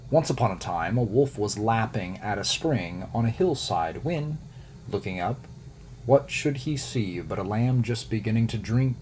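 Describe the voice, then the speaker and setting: A man hosting a podcast and reading a fable aloud in a relaxed bedtime story style, with the odd "uh". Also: fairly low pitch, measured pace, a little hiss or hum. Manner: relaxed, with filler "uh"s. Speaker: podcast host and reader.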